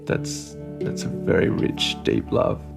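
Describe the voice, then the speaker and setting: A male podcast host who asks measured, thoughtful interview questions. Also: reverberant, over loud music.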